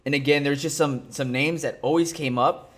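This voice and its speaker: A man's voice: a little high, steady tone, normal speed. A young man co-hosting a fight podcast, talking in a loose, sleepy, laid-back way and swearing freely. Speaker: podcast co-host. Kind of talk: casual chat.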